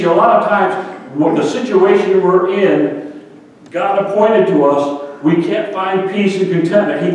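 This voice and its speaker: A man's voice: fairly high pitch, a little mellow, distant mic. Preacher man echoing through a church hall. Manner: storytelling preacher, addresses congregation directly. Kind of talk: sermon. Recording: echoey hall, speaker off the mic.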